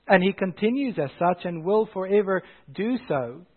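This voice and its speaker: Pastor, male, high voice, earnest sermon delivery with rising emphasis, tinny phone-quality audio. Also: animated, moderate pace, husky. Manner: earnest preaching, swelling louder on key phrases.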